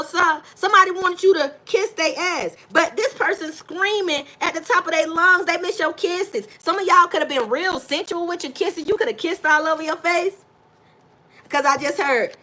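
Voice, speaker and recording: Brief: high, bright-voiced woman hosting a live tarot reading, effusive, repeats herself, talks straight to viewers. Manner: effusive, repeats phrases, calls viewers baby and y'all. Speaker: tarot reader.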